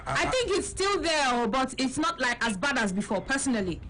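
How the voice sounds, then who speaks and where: High-voiced Nigerian woman radio host. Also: very animated, brisk, a bit bright, rough recording. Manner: teasing, mixes in Pidgin. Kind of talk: radio phone-in chat.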